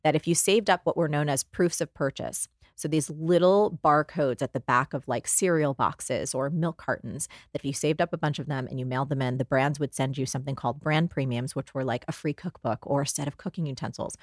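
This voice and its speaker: A woman in her forties from New Jersey, a guest author and life coach, telling animated stories in an interview and acting out the voices in them. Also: low voice, brisk, hardly any pauses, no echo, studio quality. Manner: lively, acts out voices in her anecdotes.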